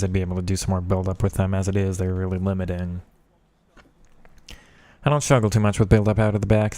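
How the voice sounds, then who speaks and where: A man's voice: deep voice, dark tone, dry recording. A man streaming a football video game, talking casually and with frustration at the match while chatting with viewers. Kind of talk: casual gaming commentary.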